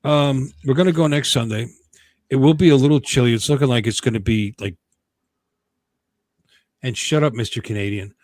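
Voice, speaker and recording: A man hosting a casual livestream chat, rambling from one joke to the next and cutting himself off to restart his sentences. His voice sits at an everyday middle pitch. It is recorded close and dry, with no room sound. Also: normal speed, pauses often, a little mellow, no echo. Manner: rambling, jokey, self-interrupting. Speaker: host.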